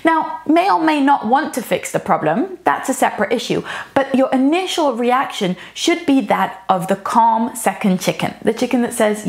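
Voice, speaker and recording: A woman who teaches parenting, talking calmly and earnestly in a casual advice vlog, with an expressive lilt that stresses key words. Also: on the high side, normal speed, vocal fry, hardly any pauses. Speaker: parenting educator.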